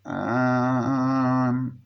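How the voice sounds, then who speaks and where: A man chatting casually through a movie review at a mid pitch. He rambles, swears freely, and leans on fillers like "like" and "you know". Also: steady tone, extremely slow, creaky, muffled recording, slight background noise. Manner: rambling, profane, with lots of fillers and acted-out dialogue.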